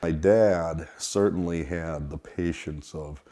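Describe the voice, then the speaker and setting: Low-pitched and slow, a middle-aged man from Wisconsin, USA, reminisces in a storytelling interview. The restaurant kitchen worker drifts through relaxed, rambling tales of his childhood at the family restaurant.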